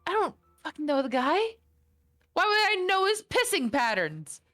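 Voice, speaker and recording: Woman as cocky, sneering male bar troublemaker; evasive, profane, lively delivery. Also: extremely high pitch, moderate pace, faint music behind, pitched above the performer's own voice, full character voice. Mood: defensive. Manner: mocking and evasive, swears.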